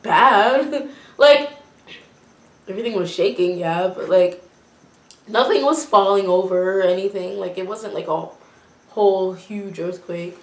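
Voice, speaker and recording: A young American woman from Florida chatting with her roommates, telling a story with lively, shrieking acted-out quotes. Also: mid-range voice, a little slow, pauses often, reverberant. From Florida, USA. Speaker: vlogger. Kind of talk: casual chat, mukbang.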